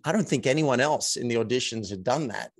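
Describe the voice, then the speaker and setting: A man, a coach and actor, telling stories as a podcast guest in a measured, reflective way. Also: medium pitch, breathy edge, dry recording. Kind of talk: casual interview chat.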